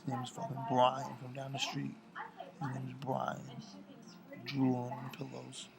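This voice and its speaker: Gravelly young man rambling into a laptop. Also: medium pitch, completely flat delivery, moderate pace, a crowd in the background, low-quality recording. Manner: loose, profane, drifting between loud talk and whispers. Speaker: vlogger. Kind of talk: rambling casual vlog. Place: indoors at home at night. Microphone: laptop built-in mic.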